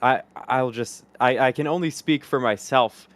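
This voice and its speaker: Unhurried and mid-range, a male livestream host goes through super chats, reading viewer messages and upbeatly thanking those who support him.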